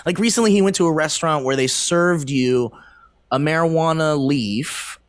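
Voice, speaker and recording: A man's voice: on the high side, expressive, normal speed, dry recording, clean studio sound. A man co-hosting a podcast, telling a casual, rambling story to friends, laughing often and swearing freely. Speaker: podcast co-host. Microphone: remote call microphone.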